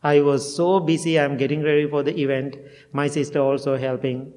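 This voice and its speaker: A middle-aged monk offers a heartfelt storytelling dharma talk in a temple meditation hall, laughing at himself every so often. His high, darkish voice is flat and a little fast, recorded with long hall reverb.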